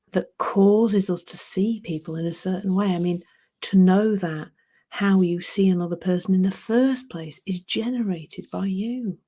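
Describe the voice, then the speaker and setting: A middle-aged woman with a lowish voice gives a reflective spiritual talk, musing at an unhurried pace. She laughs at herself now and then and sometimes drops to a soft near-whisper.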